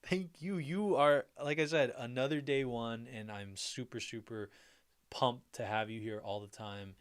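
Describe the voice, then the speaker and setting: This man hosts a casual livestream, reacting to viewer comments in a rambling, upbeat, friendly way, often restarting sentences and saying "like." His voice is medium-pitched, clear and resonant, and he talks a little slowly.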